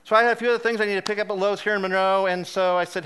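Animated, bright-voiced man preaching. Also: sits high, quick pace, hardly any pauses, smooth. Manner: animated storyteller, self-deprecating, laughs often. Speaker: guest preacher. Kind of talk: sermon with humorous personal story.

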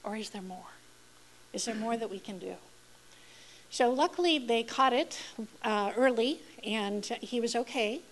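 A fairly high-voiced woman tells a personal story with comic timing, playing up her own shocked reactions with sudden leaps in pitch and volume. Her delivery swings between quiet, reflective moments and lively outbursts. A faint hum of noise sits behind her voice. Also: measured pace, pauses often, poor audio. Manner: animated, acts out her own reactions with big pitch jumps; humorous, self-deprecating. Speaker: speaker sharing her mission story. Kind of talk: storytelling testimony talk.

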